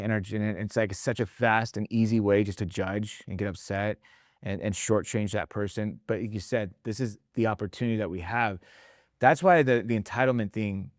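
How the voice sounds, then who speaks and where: A man talking casually in a podcast conversation, telling animated stories, acting out quotes and tagging his points with "right?", with some mild swearing. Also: lowish voice, brisk, no room sound, studio quality. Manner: animated storyteller, acts out quotes, tags lines with "right?". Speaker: restaurant leadership founder and host.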